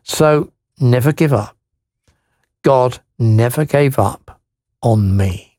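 A man hosting Christian radio, gently reading a listener's letter, encouraging her with tag questions, and praying. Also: medium pitch, slow, no room sound, studio quality.

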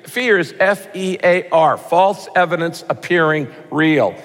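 A man's voice: on the high side, unhurried, fairly bright tone, big-room sound. A man preaching a sermon as a pastor, with punchy rhyming lines and mock voices for his examples.

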